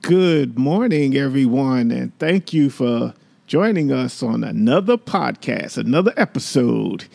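A gravelly, slightly creaky man in his fifties co-hosts a podcast with his wife. He talks in a loose, joking way and teases her between points, and he sounds relaxed and familiar. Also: mid-range voice, measured pace, slight background noise. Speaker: podcast co-host. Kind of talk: casual chat.

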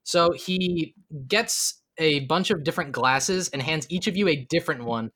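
Bright-voiced man running a tabletop game. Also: on the high side, fairly quick. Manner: loose, chuckling, many fillers. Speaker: game master.

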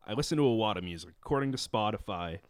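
A young man with a deep, resonant voice talks casually as a guest. His speech stalls and restarts often, padded with fillers. The sound is dry and close. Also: animated, clean tone, no room sound. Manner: halting, many fillers and restarts. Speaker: podcast guest musician. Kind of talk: casual chat.

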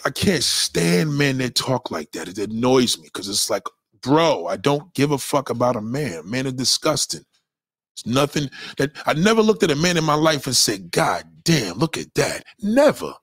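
A man's voice: moderate pace, no echo, studio quality. A middle-aged man ranting bluntly and crudely while he answers viewer questions on a livestream. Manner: blunt, profane, animated, swings high and low in pitch. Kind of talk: crude casual rant.

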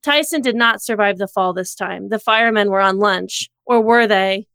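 A woman reading a comedic story aloud in a deadpan storytelling manner on a close studio mic. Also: mid-range voice, moderate pace, vocal fry, clean tone, no room sound. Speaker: co-host reading fan fiction.

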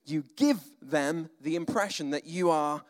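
A male preacher giving a conversational, animated sermon, full of asides and dramatic sighs. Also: a little high, unhurried. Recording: long hall reverb.

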